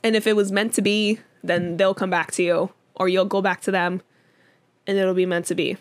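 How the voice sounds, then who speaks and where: A woman's voice: mid-range voice, level tone, normal speed. Chatty young woman podcast host. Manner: chatty, lots of fillers and laughs. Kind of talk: casual chat.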